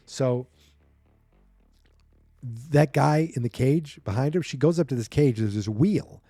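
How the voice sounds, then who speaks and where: Chatty man recapping a comic, dark voice. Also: medium pitch, normal speed, slightly rough, no room sound, soft background music. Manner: rambling, chatty, acts out scenes. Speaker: podcast host. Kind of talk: casual comic-book recap.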